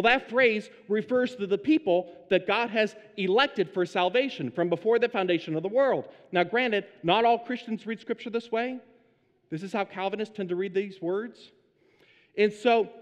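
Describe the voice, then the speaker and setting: A man's voice: high voice, in a large hall, highs cut off. A pastor preaching an emphatic sermon and putting questions to his congregation.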